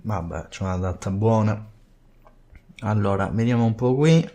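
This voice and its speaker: A man's voice: on the low side, expressive, normal speed, mellow. An Italian man casually commenting as he plays a video game, musing aloud over which choice to pick. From Italy. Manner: musing, talks through his choices. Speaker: let's play host.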